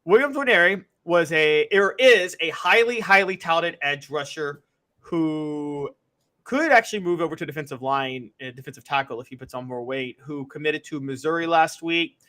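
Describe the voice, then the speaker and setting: A man's voice: a little high, moderate pace, bright, forceful tone. A man co-hosting a sports talk show, talking casually with a joking, sarcastic manner.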